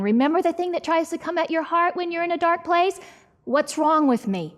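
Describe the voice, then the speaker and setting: With a high voice, a middle-aged woman who teaches the Bible delivers a passionate, pleading sermon. Her delivery is slow and emphatic.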